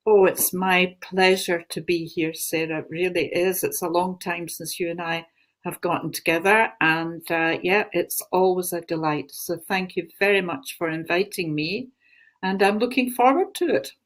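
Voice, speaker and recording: An older woman with a Glaswegian Scottish accent, a guest spiritual teacher talking in an unhurried, gentle way with many fillers. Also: lowish voice. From Scotland. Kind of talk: casual spoken talk.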